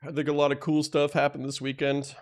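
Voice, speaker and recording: Smooth-voiced chatty male streamer. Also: a little high, completely flat delivery, a little fast. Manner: rambling, chatty, yawning between thoughts. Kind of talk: casual livestream chat.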